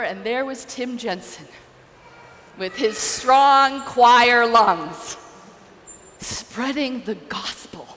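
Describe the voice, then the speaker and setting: A woman pastor preaching a sermon, telling a story in an earnest, deliberate way. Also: on the high side, animated, fairly bright tone, big-room sound.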